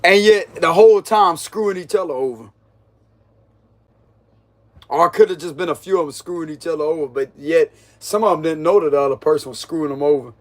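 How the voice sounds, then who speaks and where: A man's voice: on the high side, brisk. A man giving a casual, mocking tarot reading, full of slang and frequent laughter. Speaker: tarot reader.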